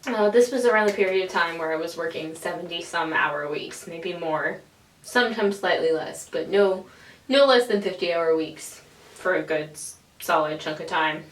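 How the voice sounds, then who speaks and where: A woman's voice: lowish voice, normal speed. A woman in her twenties, a vlogger telling a casual story, swearing freely and acting out the people in it. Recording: echoey room, distant from the mic.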